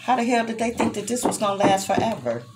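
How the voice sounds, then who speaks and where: A woman's voice: medium pitch, big pitch swings, quick pace, over loud music. A young adult woman giving an emotional tarot reading to her viewers, swearing freely and speaking tenderly to the listener. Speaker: tarot reader.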